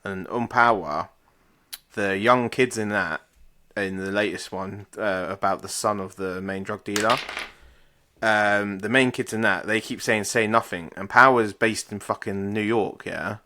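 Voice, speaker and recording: A man's voice: fairly low pitch, unhurried, pushed and bright. A man, co-hosting a podcast and explaining things at length in casual, sweary chat. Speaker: podcast co-host.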